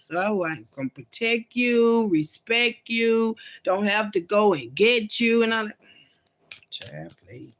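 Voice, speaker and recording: A woman's voice: lowish voice, sing-song, measured pace, slight background noise. A woman vlogger in a loose, profane, rambling monologue about faith, talking straight to her viewers. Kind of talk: casual rambling spiritual monologue.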